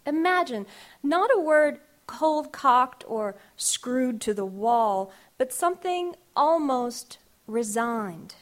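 A woman poet, reading her poems aloud live in a wry, unhurried way. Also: sits high, animated. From Kentucky. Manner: wry, unhurried, drawn-out vowels in the verse.

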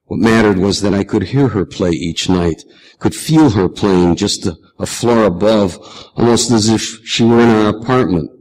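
Guy reading a story aloud, low voice, calm and measured. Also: long reverb tail, poor audio. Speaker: reader. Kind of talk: reading literary fiction aloud.

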